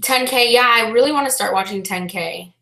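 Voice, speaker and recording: A woman's voice: fairly high pitch, brisk, gravelly, sharp tone, echoey room. A young adult woman chatting casually on a livestream, reading the chat aloud and talking with lots of fillers. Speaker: vlogger.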